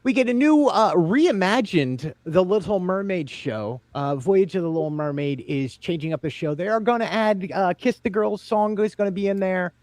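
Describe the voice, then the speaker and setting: Lively, animated man hosting a chat. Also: high-pitched, moderate pace, hardly any pauses, no echo. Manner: animated, laughs often, steers the talk. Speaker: podcast host. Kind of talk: casual group chat.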